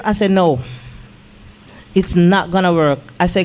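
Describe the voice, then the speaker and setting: A woman's voice: lowish voice, normal speed, long pauses. A woman, a gospel singer and songwriter telling an emotional story as an interview guest, with lots of "I said" retellings. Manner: animated, repeats "I said" when retelling.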